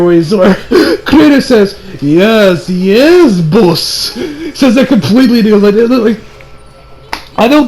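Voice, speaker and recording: A young man giving a casual, excitable anime review, swearing and laughing often. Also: sits high.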